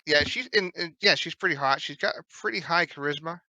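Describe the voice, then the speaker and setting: Brief: male game master, very bright tone, dry close sound, casual and teasing. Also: on the high side, a little fast, dry recording. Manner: casual, teasing, swears offhand. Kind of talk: narrating a tabletop game over voice chat.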